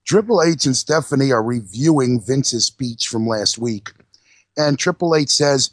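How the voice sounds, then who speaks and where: A man's voice: mid-range voice, expressive, moderate pace, husky, no echo. A man in a mid-range voice runs through a wrestling recap in loose, casual chat, swearing freely as he goes. The sound is dry and close, with no room around it. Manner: loose, profane, narrating play-by-play. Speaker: podcast co-host.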